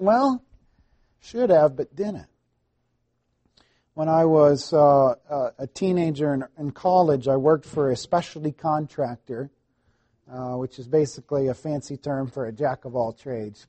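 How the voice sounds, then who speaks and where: Middle-aged pastor guy, high voice, dry close sound, chatty sermon w/ stumbles. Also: a little slow, mellow, dry recording. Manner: conversational preaching with asides and restarts.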